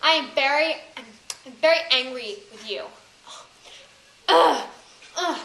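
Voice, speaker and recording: High, exasperated woman scolding a friend. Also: unhurried, fairly bright tone. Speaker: comedy sketch actor. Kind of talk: comedy skit acting. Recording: echoey room.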